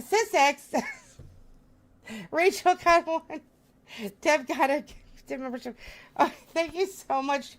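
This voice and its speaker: A woman hosting a live stream, gushing and flustered as she thanks her viewers. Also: on the high side.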